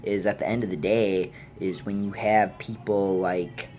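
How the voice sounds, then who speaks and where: A man vlogging an angry movie rant, swearing freely and jumping into high yells when outraged. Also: fairly even intonation, a little slow, faint music behind. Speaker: YouTube vlogger.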